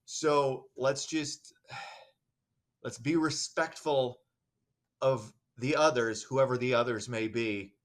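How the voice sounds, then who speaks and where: Rambling man co-host reading news. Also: mid-range voice. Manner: rambling, halting, self-correcting. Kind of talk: news with commentary.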